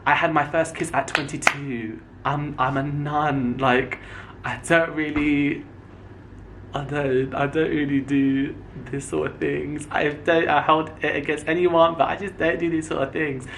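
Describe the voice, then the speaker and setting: Young man telling animated stories. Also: a little high, unhurried, creaky, noisy background. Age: 20s. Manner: animated, acts out quoted dialogue. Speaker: YouTuber. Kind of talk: casual storytelling to camera.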